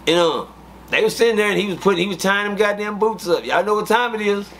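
A man with a fairly high voice tells prison stories in casual interview talk. He swears freely and acts out each person's lines as he goes. A faint hum of ambient noise sits behind him. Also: fast talker. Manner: profane, animated, acts out quoted dialogue. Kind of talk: casual storytelling.

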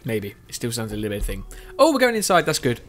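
A man's voice: mid-range voice, wildly swooping pitch, fast, a bit bright, soft background music. A tired man, chatting casually as he plays a game and often correcting himself. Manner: rambling, self-correcting, chatty. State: tired with a sore throat. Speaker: gaming video host.

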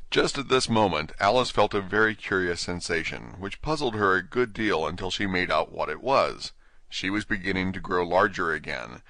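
A man narrating an audiobook with expressive storytelling. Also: sits low, no echo.

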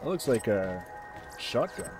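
A man's voice: mid-range voice, sing-song, unhurried, faint music behind. A man giving casual let's-play commentary as he plays, making wry, joking asides. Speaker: gameplay commentator.

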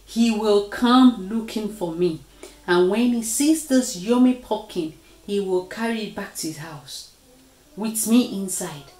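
A woman's voice: medium pitch, unhurried, darkish tone, roomy sound, close to an everyday voice, poor audio. A woman doing a sly little trickster spider. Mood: scheming whisper. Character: sly trickster male spider, small and scheming.

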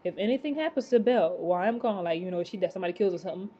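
A woman casually recapping a TV episode, rambling with many fillers and excited exclamations. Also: on the low side, rapid-fire, lo-fi sound. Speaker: TV episode reviewer.

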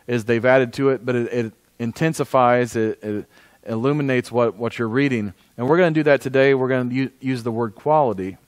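A man's voice: medium pitch, dry recording. A man preaching a conversational sermon as pastor, often asking the congregation for an amen. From United States.

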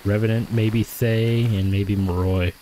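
Man, low voice, casual gameplay commentary, thinking aloud, self-correcting, faint background noise. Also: fairly even intonation, measured pace, dark tone, rough recording. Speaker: gaming streamer.

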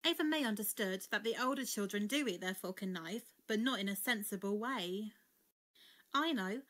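A woman narrating a children's storybook in an expressive read-aloud style. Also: mid-range voice, a little fast.

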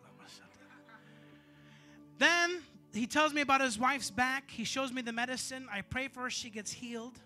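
High, bright-voiced preaching man. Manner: animated storytelling, bursts of shouting. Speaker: bishop preaching. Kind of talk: sermon with a story.

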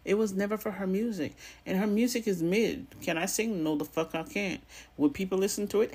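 A woman talks straight into her vlog with a husky, breathy voice and a noticeable accent of her own. She gives her commentary bluntly and with sass. She swears freely as she talks. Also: mid-range voice, fairly quick, darkish tone. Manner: blunt, sassy and profane; has a non-standard accent of her own. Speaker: gossip commentary vlogger. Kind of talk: casual commentary.

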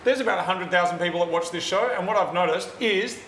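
A man's voice: sits high, fast talker, fairly bright tone. Upbeat Australian man chatting in a roomy restaurant. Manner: chatty and upbeat, tells stories with quoted voices. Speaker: co-host. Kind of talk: casual chat. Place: restaurant dining room. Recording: roomy restaurant sound with faint background noise.

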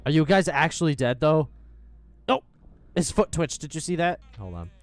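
A young man commentating his own game as he plays, reacting loudly with panicked yelling, curses and laughter. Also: a little high, very animated, normal speed, noisy background. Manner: loud, jumpy reactions, swearing and panicked yelling. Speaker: gaming YouTuber. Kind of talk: let's play commentary.

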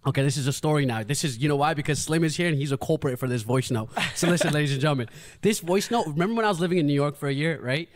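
An animated man hosts a casual podcast and launches into stories. He talks quickly with a slightly high voice and laughs often. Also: no echo. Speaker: podcast host. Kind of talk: casual chat.

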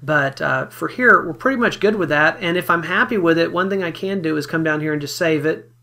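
A man giving a relaxed, step-by-step photo editing software tutorial, talking casually with fillers as he works. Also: fairly high pitch, brisk, vocal fry. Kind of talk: screen-recorded software tutorial.

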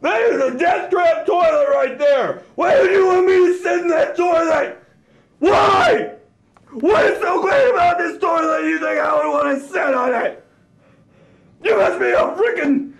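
Comedy sketch: a man playing a hysterical lonely loner, very high and gravelly, slow whining delivery. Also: full character voice, poor audio. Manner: theatrical whining and shrieking rants. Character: melodramatic lonely young man, whiny and hysterical.

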